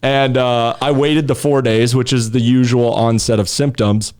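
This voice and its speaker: A young man with a mid-range voice, chatting casually as a podcast co-host. He talks in a sarcastic, animated way, slipping into mocking impressions of his commenters. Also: medium pitch, normal speed, clean tone. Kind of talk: casual chat.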